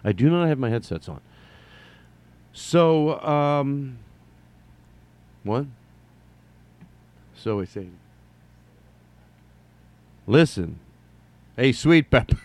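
A middle-aged man hosting a solo comedy podcast, rambling and joking, jumping from loud bursts to mumbled asides. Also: medium pitch, animated, drawn-out words, pauses often, dry recording. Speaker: podcast host.

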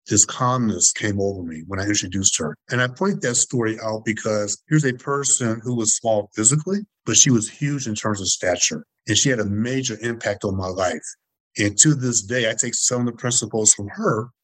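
Older guy from detroit telling old stories on a podcast, low voice, pretty dry sound, really earnest and repeats stuff for punch. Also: brisk, no room sound, poor audio. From Detroit, USA. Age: 60s. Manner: earnest, passionate, emphatic repetition. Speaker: guest, former student body president. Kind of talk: interview storytelling.

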